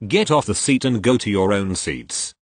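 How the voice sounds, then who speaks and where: A man's voice: lowish voice, expressive, normal speed, slightly rough, no room sound. A man voicing a firm male train ticket inspector giving orders. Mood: stern. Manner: firm, commanding.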